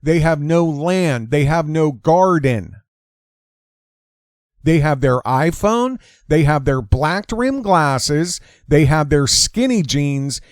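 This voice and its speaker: A man's voice: on the high side, expressive, takes it slowly, no room sound. A man hosting a ranting political commentary show, talking in a heated, indignant, emphatic way, recorded close on a dry mic. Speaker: host.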